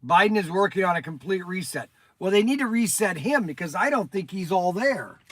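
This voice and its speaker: A man's voice: sits high, expressive, fairly quick, fairly bright tone. An older man hosting a casual livestream, rambling and chatty as he answers viewers by name. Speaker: toy shop host answering viewers.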